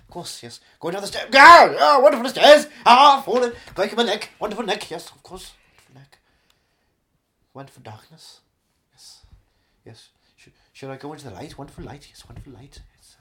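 A performer doing a comic impression of a self-absorbed, aging knighted film actor, drawling and repeating "wonderful", often sinking to a hushed murmur. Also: medium pitch, quick pace, slight background noise, close to an everyday voice.

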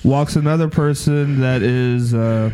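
A man's voice: mid-range voice, dark tone, a little hiss or hum. A man co-hosting a comedy podcast, teasing his partner in casual banter. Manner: teasing, quick to agree. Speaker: podcast co-host.

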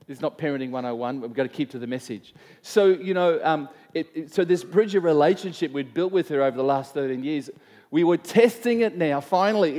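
A man's voice: on the high side, darkish tone. A middle-aged man, preaching a sermon in a conversational, storytelling way and asking his listeners questions. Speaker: pastor. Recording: long hall reverb.

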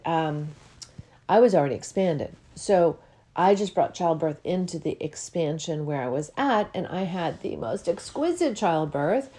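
A woman speaking to her listeners as a spiritual teacher, gentle and meandering, often moved and full of fillers. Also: lowish voice, animated, measured pace. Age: adult with a child. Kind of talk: heartfelt solo talk to listeners.

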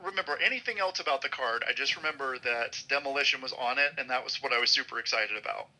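A man in his forties, a podcast co-host telling an animated story in casual chat, laughing often. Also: medium pitch, fast talker, poor audio. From Georgia, US.

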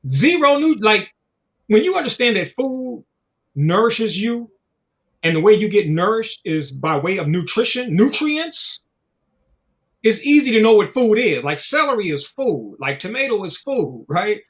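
A man's voice: sits high, sing-song, unhurried. A man in casual conversation, talking in a loose, profane, preachy way and acting out little voices as he goes. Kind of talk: casual chat.

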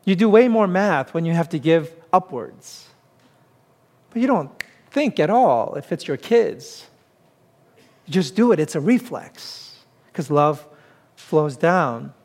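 A man with a high-pitched voice delivering a sermon as a pastor. He talks in a conversational, emphatic way and leans into plain everyday examples. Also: very animated, takes it slowly, pauses often, darkish tone. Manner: conversational, emphatic preaching with self-deprecating humor.

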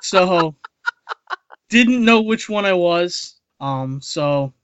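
A man's voice: high-pitched, lively intonation, extremely slow, a bit bright, clean tone, dry recording. A man who is a podcast regular, telling a casual anecdote with a self-deprecating edge.

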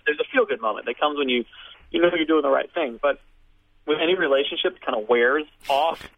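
A man telling a personal story in a casual, animated way, acting out what others said. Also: a little high, a little fast, no room sound. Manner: animated, acts out quoted voices. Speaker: guest telling his story. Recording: phone-like radio audio.

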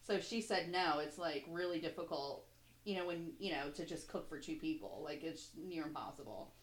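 A woman's voice: low voice, expressive, moderate pace. A young adult woman chatting casually as a podcast co-host, laughing often and telling stories animatedly. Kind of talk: casual chat. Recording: echoey room.

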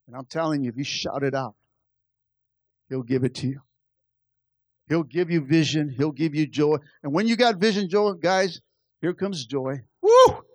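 A man's voice: fairly high pitch, normal speed, pauses often, no room sound. A man preaching a fervent sermon to his church, repeating his calls to the congregation. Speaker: pastor. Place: church service.

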